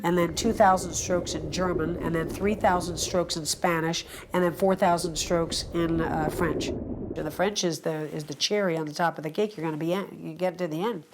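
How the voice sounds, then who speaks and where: A woman in her sixties with a somewhat low voice looks back on her life in a calm, reflective documentary interview. She talks in an unhurried storytelling way. Clear guitar music plays beneath her words. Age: 60s. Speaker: documentary subject. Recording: guitar music playing underneath.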